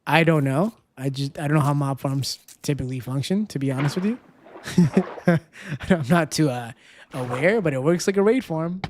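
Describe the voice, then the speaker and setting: A live streamer chatting casually with viewers while playing, counting steps aloud and breaking into loud, dismayed outbursts when things go wrong. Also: medium pitch, normal speed, slight background noise.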